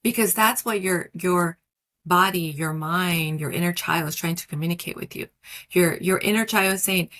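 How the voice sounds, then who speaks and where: Woman wellness coach, lowish voice; soft, affirming, unhurried delivery for podcast guidance. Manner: soft, slow, affirming cadence with repetition. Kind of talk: guided reflection and coaching talk.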